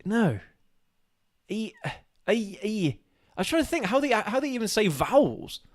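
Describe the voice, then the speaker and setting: A man co-hosting a casual live stream, halting and self-deprecating as he searches for words. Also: high voice, sing-song. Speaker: co-host of a live show.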